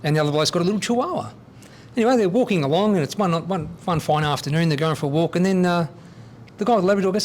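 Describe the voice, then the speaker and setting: High-voiced Australian man hosting comedy. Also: rapid-fire, darkish tone, a little hiss or hum. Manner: casual, hesitant, laughs at own jokes. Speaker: host. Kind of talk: comedy show hosting and joke telling.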